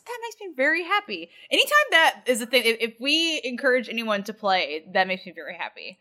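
A woman's voice: a little high, sing-song, fairly quick, few pauses, bright, forceful tone. A woman co-hosting a podcast, reading listener reviews aloud in a giggly, casual way. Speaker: podcast co-host.

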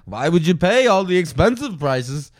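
A man's voice: on the high side, sing-song, normal speed, no echo, studio quality. A young man hosting a comedy podcast, ranting casually with lots of swearing and laughter. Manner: profane, laughing, jumps into silly mock British voices. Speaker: podcast host.

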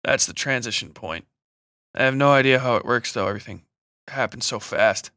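A weary, wounded man in shock, as the narrator plays him, speaking quietly and shakily with a bright, forward edge to the voice. The recording is dry and close, with no room around it. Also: medium pitch, normal speed, no echo, close to an everyday voice. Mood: weary, shaken. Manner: quiet and shaken.

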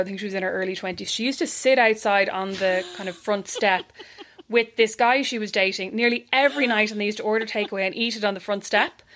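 A young Irish woman chatting casually, telling animated stories and mimicking other people's voices. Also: mid-range voice. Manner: animated anecdotes, mimics voices, laughs often. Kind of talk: casual chat, storytelling.

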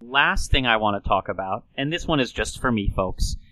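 Bright-voiced man explaining speech sounds. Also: medium pitch, lively intonation, normal speed, dry recording, low-quality recording. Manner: playful, slips into an old-timey radio announcer voice. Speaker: host explaining speech science. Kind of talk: casual explanatory talk.

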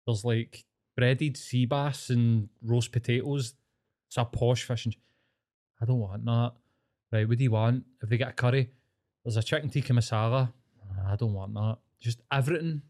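A Glaswegian Scottish man in his forties, co-hosting a casual comedy podcast and telling sweary, animated stories that act out his relatives' lines. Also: medium pitch. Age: 40s. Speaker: podcast co-host.

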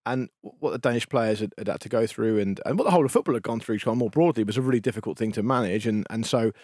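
A man co-hosting a football podcast, talking in an animated way with frequent restarts. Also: on the low side, rapid-fire, no echo, studio quality. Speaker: podcast co-host. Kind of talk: casual football podcast chat.

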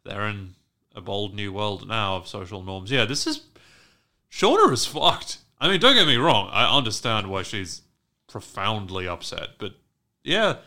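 A man with a low but bright, forceful voice chats through a TV recap on a podcast. He swears freely and jumps into the characters' voices as he retells each scene. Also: measured pace. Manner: animated, profane, acts out characters' lines. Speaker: podcast host recapping a TV show. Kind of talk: casual recap chat.

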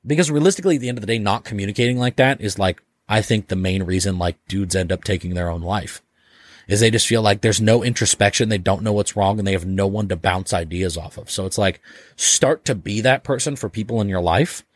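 Rambling casual man, low voice, dry mic. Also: brisk, no room sound. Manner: loose and rambling, heavy use of "like", swears casually, acts out little dialogues. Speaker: podcast guest. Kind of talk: casual conversation.

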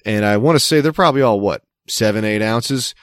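A man's voice: on the low side, fairly quick, clear, resonant tone, no echo, studio quality. A man co-hosting a podcast, rambling and joking in casual chat, swearing now and then. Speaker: podcast co-host.

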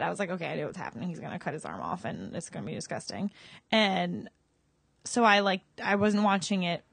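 A woman's voice: mid-range voice, no room sound. Chatty woman podcaster, dry close mic. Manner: chatty, animated storytelling, many fillers. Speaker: podcast co-host. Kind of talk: casual chat.

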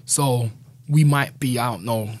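A man's voice: mid-range voice, unhurried, no room sound. A man speaking earnestly and candidly as an interview guest, often adding "you know". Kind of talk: reflective conversational interview.

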